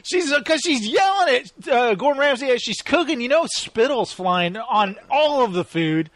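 A man's voice: very high-pitched, lively intonation, moderate pace, a bit bright, no echo. A man co-hosting a podcast, chatting and amused. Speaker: podcast co-host. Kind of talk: casual chat.

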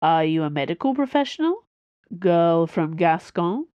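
A woman's voice: lowish voice, big pitch swings, a little slow, darkish tone, smooth, no echo, dull audio. A woman voicing a cocky wounded young male duelist who talks in a languid, teasing, theatrical way.

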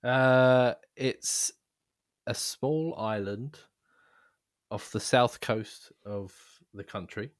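A British man co-hosting a film podcast, talking in a hesitant, halting way. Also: medium pitch, dry recording, clean studio sound. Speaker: podcast co-host. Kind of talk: casual podcast chat.

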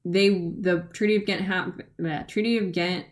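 A woman's voice: on the low side, fairly even intonation, moderate pace. A woman casually retelling history on a podcast, rambling with fillers and restarts. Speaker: podcast co-host.

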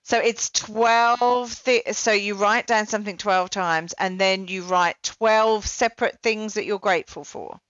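A woman's voice: medium pitch, steady tone, measured pace, hardly any pauses, fairly bright tone, no echo, lo-fi sound. A woman hosting a podcast interview, chatty and self-deprecating, with many fillers. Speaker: podcast host. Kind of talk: casual interview chat.

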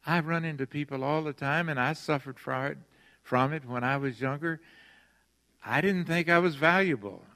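An older man preaching a sermon as pastor, earnest and emphatic, slowing down to stress key phrases. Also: on the high side, sharp tone. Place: large church sanctuary. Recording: long hall reverb from a church sanctuary.

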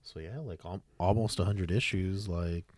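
A young adult man hosting a podcast, chatting excitedly and rambling, with lots of fillers and swearing. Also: low-pitched, moderate pace, no echo. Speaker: podcast host. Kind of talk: casual chat.

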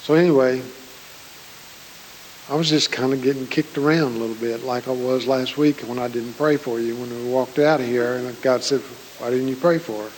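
A man's voice: mid-range voice, steady tone, normal speed, a little hiss or hum, low-quality recording. A man preaching a sermon in church, folksy and joking with his congregation. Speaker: pastor.

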